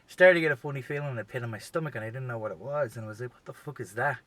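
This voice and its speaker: Sex: man. Role: podcast host. Style: comedic rambling monologue. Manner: profane, loose, filler-heavy. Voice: bright, middle pitch. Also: very fast. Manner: profane, rambling, peppered with "you know".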